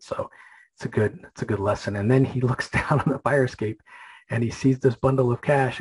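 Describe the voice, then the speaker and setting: A man's voice: medium pitch, fairly quick, husky, low-quality recording. A man hosting a comic book podcast, casually retelling a story with many fillers and restarts.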